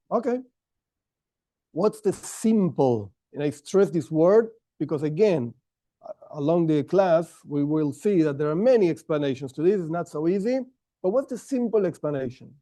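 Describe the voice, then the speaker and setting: A man gives a lecture to a class, talking it through conversationally and thinking aloud. His voice sits high yet sounds warm and mellow. He keeps the energy up with rhetorical questions and frequent okays. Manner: lively, with frequent restarts and okays. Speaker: teacher.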